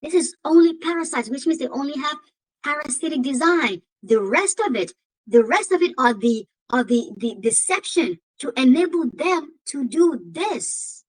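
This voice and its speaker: A woman's voice: high voice, lively intonation, normal speed, low-quality recording. A woman with an African accent hosting a commentary vlog, emphatic and given to repeating phrases and exclaiming. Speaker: host.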